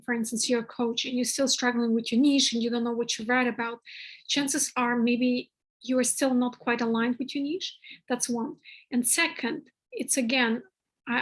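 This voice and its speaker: High-voiced woman host giving advice. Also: poor audio. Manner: earnest, advice-giving, with frequent restarts. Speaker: podcast host. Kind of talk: conversational interview.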